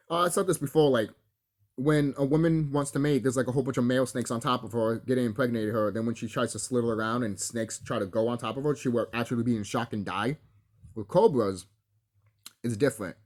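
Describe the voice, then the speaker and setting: A man's voice: mid-range voice, a little mellow. A man delivering a solo spiritual rant to camera, profane and confrontational, talking straight at his enemies and laughing between threats. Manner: breaks into laughter, mimics others in quotes. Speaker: vlogger.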